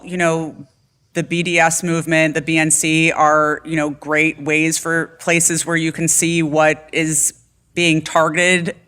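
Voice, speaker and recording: A woman appearing as a guest activist on a live talk show stage, speaking haltingly and often pausing with "you know". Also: low voice, fairly bright tone. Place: studio stage before a live audience.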